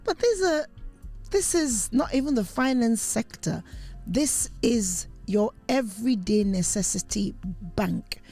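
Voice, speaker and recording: Gravelly woman rambling thru a story on a podcast, faint music underneath. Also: on the high side, lively intonation, unhurried, dark tone. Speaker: podcast co-host. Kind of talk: casual chat.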